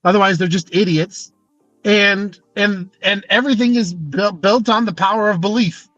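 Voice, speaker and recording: A man's voice: high-pitched, steady tone, moderate pace, a bit bright, no echo, dull audio, soft background music. A man co-hosting a casual stream chat who chimes in often and agrees along. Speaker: stream co-host.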